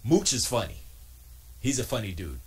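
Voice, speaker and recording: A man's voice: mid-range voice, sing-song, normal speed, a little mellow, husky. A man streaming from his home studio, rambling through casual commentary with frequent restarts and mocking asides. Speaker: streamer and podcast host.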